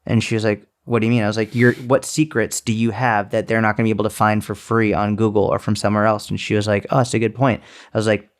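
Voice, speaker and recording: A man's voice: on the low side, flat delivery, quick pace, hardly any pauses, smooth. A man co-hosting a podcast in casual chat, blunt and profane, mocking people with put-on quotes. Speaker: podcast co-host. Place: seminar speaker, fitness business coach.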